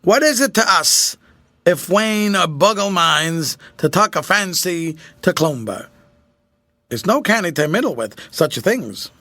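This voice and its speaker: A man's voice: high voice, sing-song, pushed and bright, no room sound, exaggerated voice. A man voicing a dogged, superstitious Scots countryman in a broad Scottish accent, drawling his dialect words. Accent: Scottish, put on. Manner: broad dialect, slow and grumbling.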